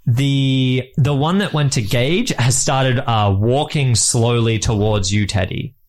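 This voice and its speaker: Man narrating as a tabletop game master. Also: medium pitch. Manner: rambling, halting descriptions with fillers and laughs.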